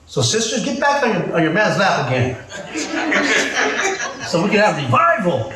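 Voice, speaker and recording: A pastor preaches with high, lively inflection, teasing his congregation between points. The recording is distant and echoey, like a church hall heard from the back. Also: moderate pace, crowd noise. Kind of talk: sermon.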